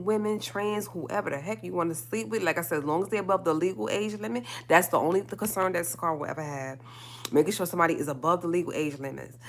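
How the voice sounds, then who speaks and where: A woman ranting on her own livestream, low-pitched for a woman and fired up. She hammers points home by repeating them, with slangy asides. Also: fairly bright tone. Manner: emphatic, repeating lines for stress, with slangy asides. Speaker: livestream host. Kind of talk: heated solo livestream rant.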